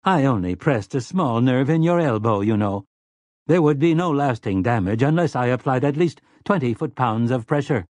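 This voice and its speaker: A man's voice: medium pitch, measured pace, dry recording, lightly acted. A man voicing a prissy, complacent male robot servant in an audiobook, talking in a silky, fussy, self-satisfied way. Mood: solicitous. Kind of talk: audiobook character voice.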